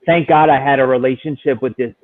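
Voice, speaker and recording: A man's voice: medium pitch, fairly even intonation, fairly quick. A man in recovery sharing a personal testimony in a candid, searching way, full of restarts. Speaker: guest in recovery. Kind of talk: personal testimony in casual conversation. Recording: tinny phone-like line.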